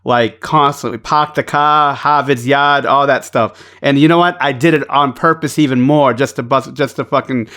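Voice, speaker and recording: A man with a Boston accent chatting as a podcast guest, quick, joking and profane, often repeating words as he starts a thought. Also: medium pitch, a bit bright. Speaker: podcast guest, basketball coach. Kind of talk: casual podcast chat.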